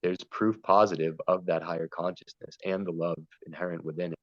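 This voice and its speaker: A man's voice: low voice, steady tone, fairly quick, no room sound, dull audio. A man talking earnestly and at length in a spiritual conversation, wandering between ideas and stories. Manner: meandering, earnest, storytelling. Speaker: podcast guest.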